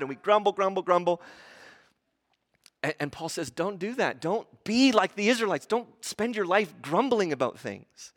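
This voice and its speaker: A man in his thirties preaching a sermon, animated and acting out grumbling voices as he teaches. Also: high-pitched, moderate pace. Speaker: pastor.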